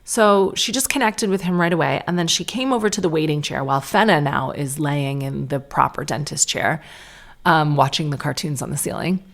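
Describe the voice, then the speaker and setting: On her podcast, a thirtysomething woman rambles through family stories at a fairly quick clip, her low voice carrying a gravelly fry. She's chatty, leans heavily on "like," and performs snippets of what others said.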